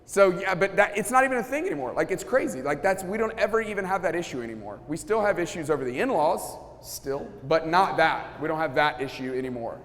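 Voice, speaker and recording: A man's voice: a little high, brisk, a bit bright. Man talking in a reverberant hall. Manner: storytelling, acts out quotes, many restarts. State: sweating, feels hot. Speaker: pastor and guest speaker. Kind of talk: casual talk to a live audience.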